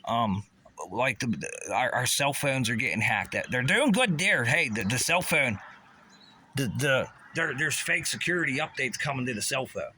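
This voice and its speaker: A man's voice: mid-range voice, animated, normal speed, sharp tone, slight background noise. A man from the Pittsburgh area, delivering an agitated, sarcastic, profane rant and stumbling over his restarts. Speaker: vlogger.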